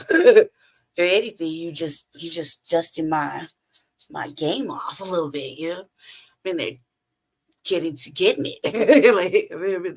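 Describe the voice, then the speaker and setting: A man's voice: fairly high pitch, creaky, slightly rough. A man hosting a podcast, telling stories in a blunt, profane, casual way and laughing often between phrases. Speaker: podcast host. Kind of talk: casual storytelling monologue.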